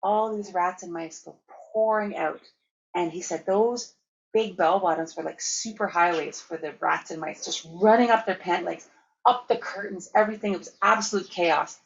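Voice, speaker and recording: A woman from Canada tells lively stories at a conference, laughing as she goes. Her voice sits a little low, and the recording sounds slightly muffled. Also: normal speed, vocal fry, a little hiss or hum. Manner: lively, laughing anecdotes with acted-out quotes. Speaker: keynote speaker. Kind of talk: storytelling conference talk.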